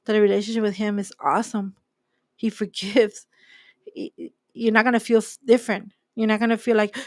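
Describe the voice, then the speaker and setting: A woman's voice: mid-range voice, steady tone, normal speed, dry recording, clean studio sound. A woman hosting a faith talk, preaching in an emphatic way and repeating her key phrases. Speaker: host.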